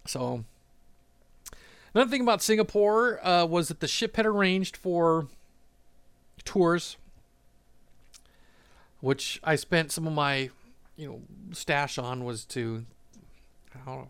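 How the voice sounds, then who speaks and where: A man's voice: medium pitch, creaky, no room sound. Chuckling man rambling through a memory. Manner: rambling, laughs often, many fillers and restarts. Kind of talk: casual storytelling monologue.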